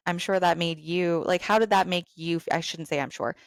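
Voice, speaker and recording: A woman's voice: fairly low pitch, brisk, few pauses, no room sound. A woman podcast host in empathetic conversation, reflective and thinking aloud as she asks questions.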